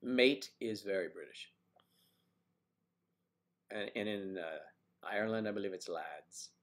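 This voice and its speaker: American guy from the mid-atlantic, low gravelly voice, rambly playful livestream chat. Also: a little slow. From mid-Atlantic United States. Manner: rambling, playful, tries out accents. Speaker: livestream host.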